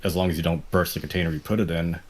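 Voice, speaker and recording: A man with a very low voice talks earnestly, stopping and restarting his sentences as he goes. His delivery is hesitant and conversational. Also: steady tone, racing, slightly rough. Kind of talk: casual chat.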